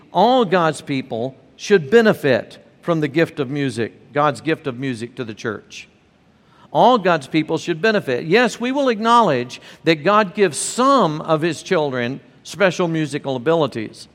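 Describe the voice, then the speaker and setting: A man preaching a sermon to his congregation, reading scripture aloud in a measured way. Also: on the high side, animated, a bit bright, long reverb tail. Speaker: pastor.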